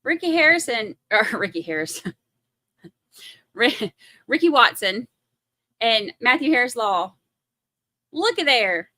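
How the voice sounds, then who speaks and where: A woman's voice: a little high, big pitch swings, slow pace, long pauses, bright, forceful tone, no room sound. A woman in her forties with a Southern US accent, rambling and chatty as she hosts a casual livestream commentary. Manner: chatty, rambling, heavy on fillers. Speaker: livestream host.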